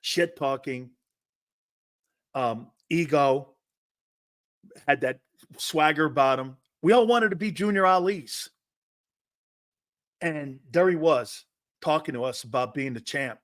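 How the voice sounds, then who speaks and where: A man's voice: on the high side, animated, slow, pauses often, fairly bright tone, dry recording, studio quality. A man in his fifties hosting a sports talk show, telling rambling anecdotes with restarts and the odd curse word. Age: 50s. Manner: rambling, digressive, with restarts and profanity. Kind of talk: casual anecdotal storytelling monologue.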